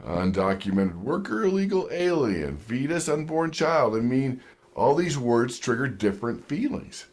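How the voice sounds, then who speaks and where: Animated man teaching a sales class. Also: mid-range voice, unhurried. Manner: animated storytelling with acted-out quotes and chuckles. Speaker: sales trainer. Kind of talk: lively seminar lecture.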